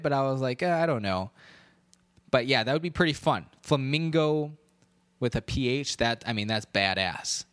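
A man's voice: medium pitch, clean tone, no room sound, studio quality. Playful rambling man hosting a podcast. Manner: playful, rambling, with hyped-up announcements. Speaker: podcast host. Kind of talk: casual solo podcast countdown.

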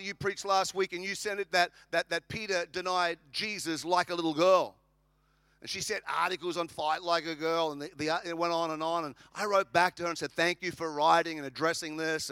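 A man's voice: on the high side, sharp tone, clean tone, no room sound. An Australian man preaching a sermon, emphatic and humorous, with lots of repetition. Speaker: pastor.

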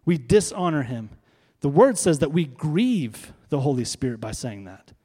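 A man's voice: on the high side, sing-song, moderate pace, warm tone, breathy edge. A pastor preaching a sermon to his congregation, conversational, throwing rhetorical questions to the room. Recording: long reverb of a hall.

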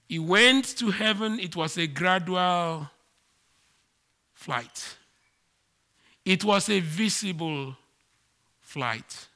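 A man preaching a sermon to his congregation, slow and emphatic, with dramatic swings in pitch and volume. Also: bright, forceful tone. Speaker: pastor.

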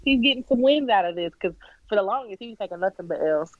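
A woman's voice: mid-range voice, animated, quick pace, no echo. A congested woman with a nasal voice, chatting as a guest on a podcast in an upbeat way. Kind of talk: casual podcast chat. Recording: dry, dull-sounding mic.

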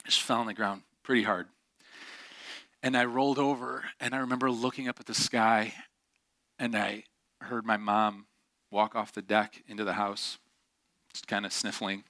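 A middle-aged man preaching a sermon with a bright, forceful voice. He tells his story candidly, with self-deprecating asides and plenty of ums. The sound is dry and close. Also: fairly low pitch, steady tone, moderate pace, long pauses, dry recording. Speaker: pastor.

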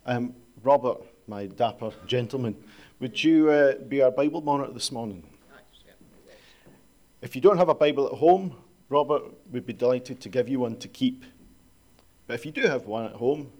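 A man's voice: medium pitch, darkish tone. A male pastor preaching a sermon in a conversational, storytelling way, asking rhetorical questions.

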